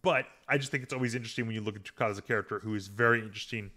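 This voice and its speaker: Man, podcast host, loose recap talk, filler hums, bright clear tone. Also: on the low side, racing. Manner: rambling, retells scenes with filler hums. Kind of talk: casual episode recap chat.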